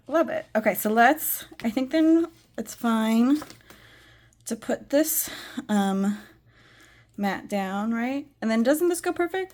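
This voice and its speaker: A woman's voice: a little high, darkish tone. A young woman chatting casually through a craft tutorial at home, rambling with many fillers, slightly out of breath, sometimes murmuring while she works. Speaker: craft vlogger.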